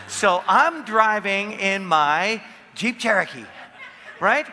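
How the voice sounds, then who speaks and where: A man giving a motivational seminar talk, animated and playful, acting out quotes in his stories. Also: high-pitched, slow pace, long reverb tail, a little hiss or hum. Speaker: seminar speaker. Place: large hall with audience.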